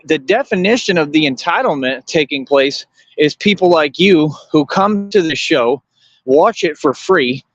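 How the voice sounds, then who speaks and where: A man's voice: a little high, a bit bright, no room sound, lo-fi sound. A man hosting a livestream, lecturing his viewers in a confrontational, repetitive rant. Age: adult. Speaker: livestream host.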